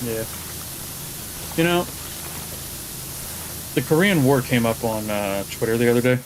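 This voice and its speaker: A man's voice: mid-range voice, unhurried, a little hiss or hum, poor audio. Casual man chatting while gaming. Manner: relaxed, rambling, swears casually. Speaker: streamer.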